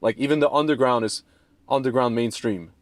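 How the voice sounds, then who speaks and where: A man's voice: medium pitch, fairly quick, dry recording. Rambling, laughing man in casual chat. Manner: rambling, laughing, acts out quoted voices. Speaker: podcast co-host.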